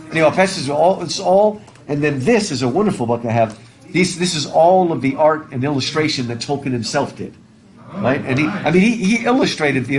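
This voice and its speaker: Man, teacher, chatty classroom talk, rambling, slightly higher voice. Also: low-quality recording. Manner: chatty, rambling, laughs easily. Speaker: literature teacher. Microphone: masked, recording his own class.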